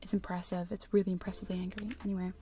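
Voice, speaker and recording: A woman chatting in a soft, giggly whisper on a live hypnosis ASMR stream, close to studio mics in her home studio. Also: on the low side, flat delivery, very fast. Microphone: studio condenser and binaural mics.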